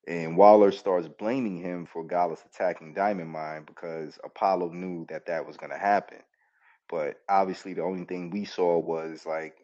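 A man's voice: sits low, darkish tone. A male podcast host giving a loose, rambling recap of a show and often correcting himself mid-sentence. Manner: rambling, self-correcting storytelling. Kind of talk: casual wrestling show recap. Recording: dull, lo-fi call-in audio.

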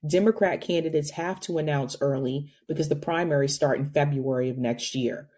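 A woman's voice: sits low, moderate pace. A woman hosting a live call-in podcast, chatting casually and addressing her listeners directly. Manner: animated, talks directly to listeners. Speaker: podcast host taking calls.

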